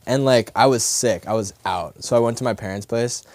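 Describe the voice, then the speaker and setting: A man hosts an open mic night and does crowd work at mid pitch, loose and chatty, throwing questions at the audience and repeating his own lines. He talks into a handheld mic on a club stage. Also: brisk, no echo. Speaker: comedy show host.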